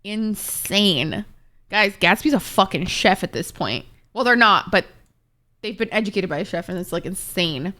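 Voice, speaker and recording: A young woman streamer chatting casually with her viewers, expressive and talkative, swearing freely. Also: mid-range voice, moderate pace. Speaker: Twitch streamer. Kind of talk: casual livestream chat with viewers.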